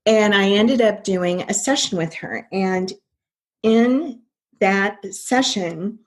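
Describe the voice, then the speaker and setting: A woman's voice: medium pitch, slow pace. Earnest woman telling her life story. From American Midwest. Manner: earnest, reflective, speeds up when recalling inner dialogue. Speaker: interview guest. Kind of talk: personal storytelling in an interview.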